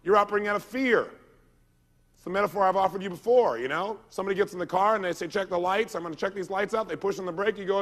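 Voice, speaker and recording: Motivational speaker guy, talks quick, acts out the quotes in his stories, keeps asking the crowd stuff. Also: sits high. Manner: animated storytelling, acts out quoted lines; asks the audience questions. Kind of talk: motivational seminar talk.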